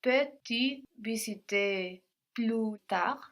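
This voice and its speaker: A woman's voice: fairly high pitch, extremely slow, a bit bright. A woman student answering in a language lesson, carefully repeating words after her teacher.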